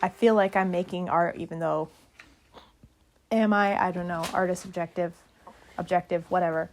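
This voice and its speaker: A woman's voice: lowish voice, steady tone, moderate pace, a little hiss or hum. A young woman vlogger narrating casually, chatty and rambling with a self-deprecating streak.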